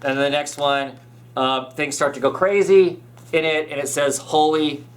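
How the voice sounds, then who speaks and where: A podcast host with a fairly high voice recaps a comic at a moderate pace. He chats casually and rambles, full of fillers and restarts.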